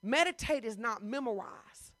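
A woman pastor preaching a sermon in a conversational, informal way, switching between loud emphasis and hushed asides. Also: on the high side, expressive, moderate pace. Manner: informal, talks straight to the congregation.

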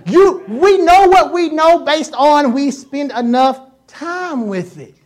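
Speaking slowly in a high-pitched, slightly mellow voice with lively intonation, a woman gives a joking, casual sermon. She acts out voices and sounds and keeps repeating herself colloquially to drive points home.

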